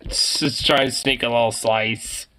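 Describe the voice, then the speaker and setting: A man's voice: mid-range voice, measured pace, sharp tone, a little hiss or hum. A young man chatting casually as he reacts to pet pictures, swearing, exclaiming and laughing often.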